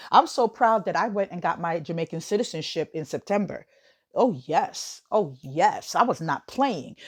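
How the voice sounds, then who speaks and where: An American woman hosting a podcast, talking casually in an animated way, laughing often and swooping up high for emphasis. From United States. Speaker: podcast host. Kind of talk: casual monologue.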